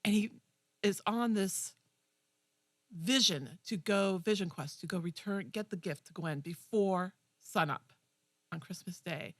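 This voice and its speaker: A young woman co-hosting a community TV talk show, retelling a movie with enthusiastic, animated chat. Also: medium pitch, a little slow, dry recording. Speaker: co-host. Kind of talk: casual chat.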